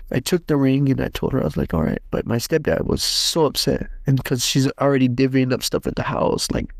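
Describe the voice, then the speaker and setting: Male host, gravelly mid-pitched voice, dry close sound, halting personal testimony with restarts. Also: darkish tone, dry recording. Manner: halting, many restarts and fillers, plain everyday speech. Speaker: podcast host. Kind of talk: personal testimony, casual storytelling.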